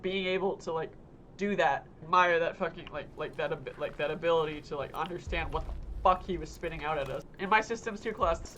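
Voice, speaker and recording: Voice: mid-range voice, a bit bright, a little hiss or hum. A young adult streamer chatting casually while gaming, telling long rambling stories full of fillers and swearing.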